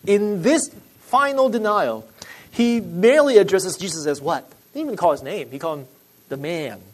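Male pastor, sermon delivery, higher-pitched voice, urgent emphatic swells and quiet asides, conversational with restarts. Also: lively intonation, moderate pace, low-quality recording. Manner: restarts and fillers, explaining scripture conversationally.

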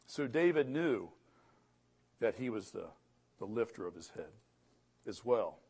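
A man's voice: on the low side, sing-song, a little slow, a little mellow, slightly rough. A middle-aged man preaching a sermon in an earnest way, often repeating words, and rising in emphasis on key phrases. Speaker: pastor.

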